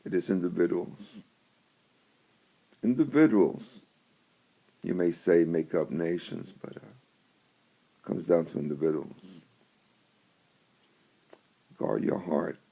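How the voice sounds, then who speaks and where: Male preacher-storyteller, husky and gravelly, unhurried delivery. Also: sits low, mellow. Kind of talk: storytelling devotional.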